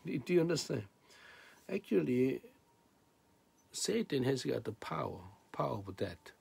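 Gravelly guy preaching, dark husky voice, broken english, keeps asking "do you understand". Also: mid-range voice, sing-song, measured pace. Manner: non-native English, frequent restarts and rhetorical questions. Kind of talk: sermon with scripture reading.

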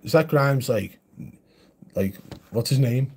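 A man's voice: mid-range voice, animated, slow pace, darkish tone, breathy edge. A man chatting casually on a live stream, answering viewer comments in a blunt, chatty way.

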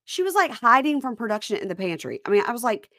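Lively woman hosting a recap podcast. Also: on the high side, fast talker. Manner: animated storyteller, recounting scenes. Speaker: podcast host. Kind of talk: casual recap chat.

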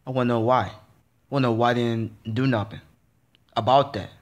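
A man's voice: mid-range voice, steady tone, a little fast. A man vlogging a frustrated, casual rant, repeating himself and stammering through restarts. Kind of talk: ranting casual monologue.

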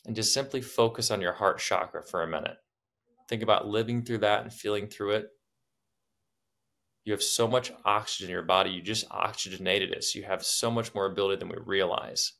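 Low-voiced man coaching breathwork. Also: a little fast. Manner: calm, coaching, counts breaths aloud; soothing meditative guidance. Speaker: breathwork guide. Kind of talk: guided breathing instruction.

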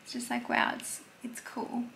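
A woman's voice: moderate pace, a bit bright, a little hiss or hum. A young woman in her twenties, vlogging casually at home into a phone camera, chatty and confiding, swearing now and then. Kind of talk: casual vlog chat to camera.

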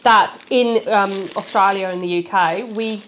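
A woman's voice: mid-range voice, moderate pace, a bit bright, slight background noise. A young woman hosting a casual eating video with her husband, chatting and laughing between bites. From United Kingdom. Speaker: YouTube host. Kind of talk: casual chat while eating.

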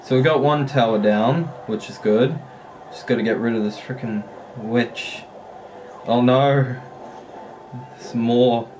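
Excitable gamer, slow-talking. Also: male voice, mid-range voice, a little hiss or hum. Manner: excitable, swears and laughs at his own play. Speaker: gamer playing a mobile strategy game. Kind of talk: casual gameplay commentary.

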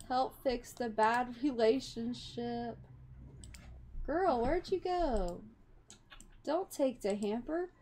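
A young woman chatting over a life-sim game, excitable, exclaiming and laughing at what happens on screen. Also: sits high. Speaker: gaming YouTuber. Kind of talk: casual game commentary.

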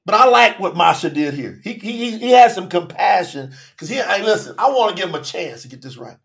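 A man's voice: high-pitched, lively intonation, a little fast, creaky, a bit bright. A male preacher delivering a sermon in an emphatic, colloquial way, often asking the congregation direct questions.

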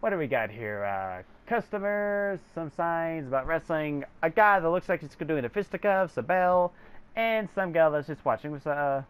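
A young woman commenting on a video game, giggly and excitable, reading in-game text aloud. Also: deep voice, moderate pace, smooth. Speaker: game streamer. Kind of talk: casual gameplay commentary.

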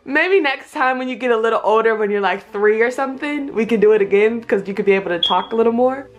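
A woman's voice: a little high, quick pace, faint music behind. A woman in her twenties with a sing-song, coaxing manner, laughing often while she asks her toddler playful questions. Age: 20s. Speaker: vlogger interviewing her toddler. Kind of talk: playful casual chat.

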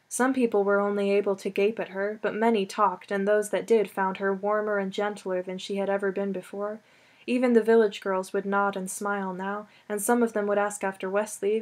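A woman reading a novel aloud as an audiobook, in measured, steady storytelling narration. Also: mid-range voice. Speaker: audiobook reader. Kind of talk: scripted narration.

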